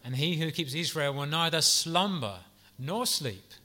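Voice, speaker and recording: A man preaching a sermon in an earnest, gentle, pastoral way, with soft asides and the odd restart. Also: fairly high pitch, animated, a little slow.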